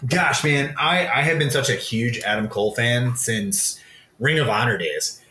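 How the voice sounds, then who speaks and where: A man with a bright, forceful voice talking as a podcast co-host, loose and giggly with enthusiasm. The sound carries a roomy echo. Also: mid-range voice, unhurried, slight background noise. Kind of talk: casual chat.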